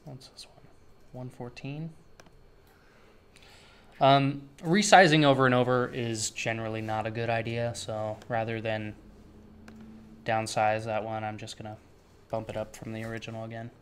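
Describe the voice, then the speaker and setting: A man's voice: on the low side, flat delivery, normal speed, pauses often, smooth. A man giving a casual screen-share web tutorial, thinking aloud with offhand, dry sarcastic asides. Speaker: web developer teaching a tutorial.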